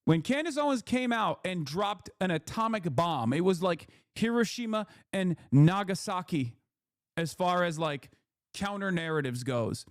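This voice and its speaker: A man's voice: high voice, expressive, unhurried, no echo, studio quality. A man ranting sarcastically and with profanity as a political commentator on a casual livestream. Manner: heated, profane, sarcastic rant.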